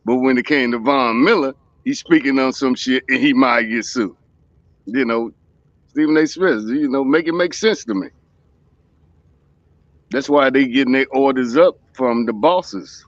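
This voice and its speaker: A man with a Southern accent talks loosely as a co-host, circling back through fillers and restarts. His voice sits at an ordinary pitch. The sound is dull and lo-fi with no room echo. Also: a little slow. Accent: Southern American. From American South. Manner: rambling, with many fillers and restarts. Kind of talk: casual chat.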